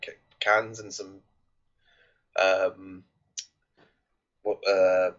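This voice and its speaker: A man's voice: deep voice, little pitch movement, extremely slow, fairly bright tone. Male co-host, conversational, tag-question habit, muffled lo-fi audio. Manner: adds tag questions, chatty. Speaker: podcast co-host. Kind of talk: casual film discussion.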